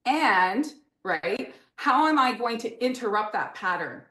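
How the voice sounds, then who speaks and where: A woman educator explains an idea in an interview, animated and encouraging, with a fairly high voice. She keeps asking her listeners rhetorical questions. The room sounds echoey around her. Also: unhurried. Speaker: author and educator guest. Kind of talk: enthusiastic teaching talk in an interview.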